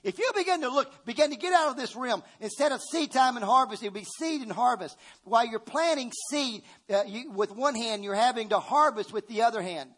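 A middle-aged male preacher delivering a sermon, emphatic, swinging between loud bursts and hushed asides and calling on the congregation to respond. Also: very high voice, lively intonation, a little fast, hardly any pauses.

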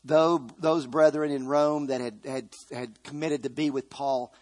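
A man's voice: mid-range voice, steady tone, a little slow, darkish tone. A man preaching a sermon, earnestly retelling a story with quoted dialogue.

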